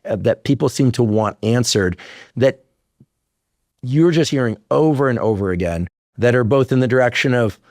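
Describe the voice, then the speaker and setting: A man's voice: medium pitch, moderate pace, darkish tone, no echo, studio quality. A man in his fifties hosting an interview, talking casually with restarts and blunt opinions. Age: 50s. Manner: talkative, thinks aloud with restarts, blunt opinions. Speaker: podcast host.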